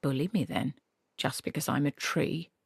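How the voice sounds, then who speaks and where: A woman's voice: deep voice, steady tone, moderate pace, vocal fry, slightly rough, no echo, studio quality, exaggerated voice. A woman voicing a smug talking apple tree, once a male wizard, with a sly, lecherous, lecturing manner in an audiobook reading.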